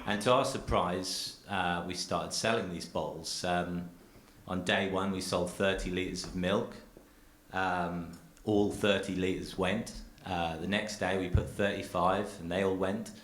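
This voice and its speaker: A dairy farmer and cheesemaker giving an earnest, rambling public talk full of restarts, speaking from a theatre stage. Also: male voice, deep voice, steady tone, unhurried, a bit bright, echoey room.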